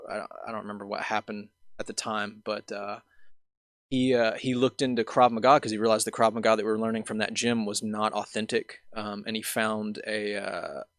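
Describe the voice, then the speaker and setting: A man's voice: on the low side, a bit bright, no echo, studio quality. A man hosting a podcast, telling a long story in a casual, rambling way full of fillers and restarts. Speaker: podcast host.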